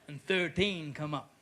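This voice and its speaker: Male comic, animated live stand-up, high pitch, slight room hiss. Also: takes it slowly. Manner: animated, shouting bits in character. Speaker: stand-up comedian.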